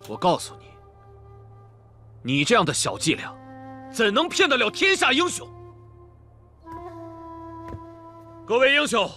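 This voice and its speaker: Self-righteous alliance leader, bright tense high voice, lively, faint score. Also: male voice, normal speed, heavily acted. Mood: rousing. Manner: rousing, accusatory speechmaking. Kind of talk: period wuxia drama dialogue. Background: drama score music.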